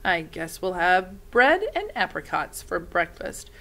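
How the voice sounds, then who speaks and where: A woman's voice: fairly low pitch, big pitch swings, a little slow, a bit bright, heavily acted. A woman voicing a tired, kind but distracted woman doctor who speaks wearily in a read-aloud story. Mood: weary. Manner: weary, sighing.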